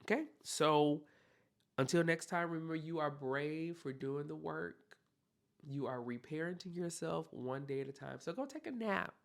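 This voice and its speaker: A man's voice: fairly high pitch, normal speed, creaky. A man hosting a solo podcast, talking earnestly and encouragingly straight to the listener. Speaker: podcast host.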